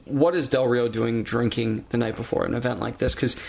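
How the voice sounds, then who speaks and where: A man co-hosting a podcast in casual chat, talking in a measured, hedging way. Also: medium pitch, fairly even intonation, gravelly, darkish tone, slight background noise. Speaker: podcast co-host.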